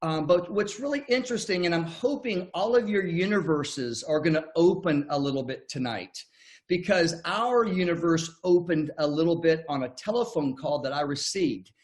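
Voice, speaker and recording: An older American man, somewhat high-voiced, presents over a video call. He tells his story in a folksy, homespun manner, often restarting his sentences as he goes. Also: normal speed. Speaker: network marketing presenter. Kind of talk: online business presentation.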